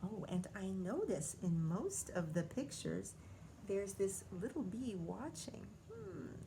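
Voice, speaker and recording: Lively, expressive woman teacher reading aloud. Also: medium pitch, slow pace, vocal fry, noisy background. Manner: expressive, stops to comment and ask questions. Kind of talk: picture-book read-aloud for children.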